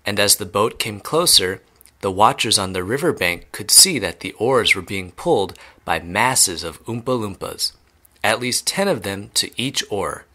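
A man reading a children's novel aloud clearly and steadily, as an English teacher. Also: on the low side, lively intonation, measured pace, pushed and bright.

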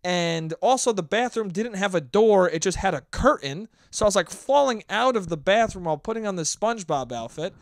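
A man's voice: sits high, fairly quick, few pauses, no echo, clean studio sound. Profane rambling male podcaster. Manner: profane, rambling, animated storytelling. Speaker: podcast host. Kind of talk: casual solo podcast storytelling.

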